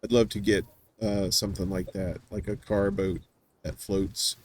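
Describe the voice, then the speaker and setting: A man's voice: sits low, level tone, normal speed, a little hiss or hum. A man hosting a show, chatting casually in a rambling, teasing way with lots of fillers and restarts. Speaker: podcast host. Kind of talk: casual chat.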